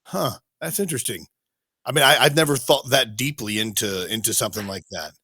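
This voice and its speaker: Fast-talking man from Kentucky, dry mic. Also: mid-range voice, sharp tone, husky, dry recording. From Eastern Kentucky. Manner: quick, stumbling restarts, enthusiastic. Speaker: podcast host. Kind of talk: casual interview chat.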